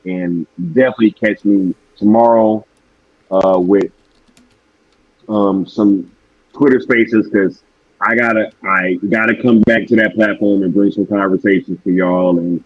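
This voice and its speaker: Laid-back male streamer, low voice going hoarse, dry slightly dull sound. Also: steady tone, a little slow, no echo. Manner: laid-back, slangy, drifting off track. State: losing his voice. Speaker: live stream host. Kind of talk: casual live stream chat.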